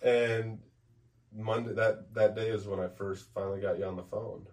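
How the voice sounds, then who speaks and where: A man co-hosting a podcast, telling a personal story in a blunt, profane, halting way, with many restarts. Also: fairly low pitch, flat delivery, a little mellow, far from the mic. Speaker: podcast co-host. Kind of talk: candid conversational storytelling.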